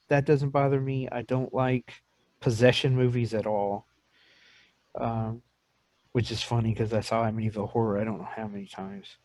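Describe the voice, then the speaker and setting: A man in his fifties hosts a podcast, telling stories in casual chat as an animated storyteller who acts out quotes. His voice is medium-pitched and the recording is dry.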